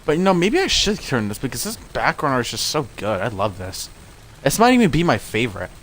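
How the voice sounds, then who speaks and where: Rambly young man, lively voice. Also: mid-range voice, fairly quick, a little hiss or hum. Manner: rambling, full of "like" fillers. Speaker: gamer. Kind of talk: casual let's-play commentary.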